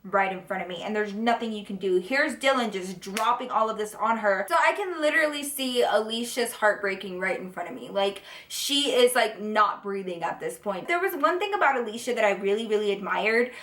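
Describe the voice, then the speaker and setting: A young woman telling a casual storytime, chatty and animated with lots of swearing. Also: medium pitch, a little fast, hardly any pauses, slight background noise. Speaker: vlogger. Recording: echoey room.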